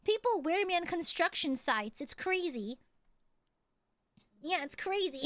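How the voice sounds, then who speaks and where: A woman's voice: sits high, sing-song, a little slow, fairly bright tone, no echo. A young woman streaming casually as a VTuber, playful and jokey, often breaking into laughs and squeals. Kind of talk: casual livestream chat.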